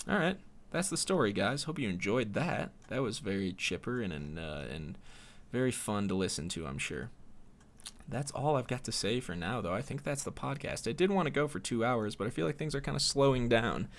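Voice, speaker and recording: A man's voice: mid-range voice, sing-song, normal speed. A man hosting a solo podcast, rambling in a profane, sardonic way. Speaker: podcast host.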